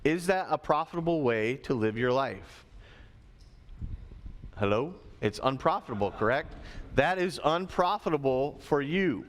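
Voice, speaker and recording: A man preaching to schoolchildren in a school chapel, as pastor and teacher, lively and teacherly, repeating his key points. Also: mid-range voice, a little slow. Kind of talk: sermon to schoolchildren.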